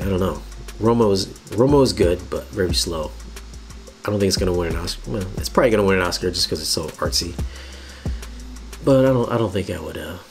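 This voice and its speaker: A man reviewing movies on a live stream, talking casually and giving blunt opinions with frequent restarts. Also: deep voice. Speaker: film and home theater reviewer.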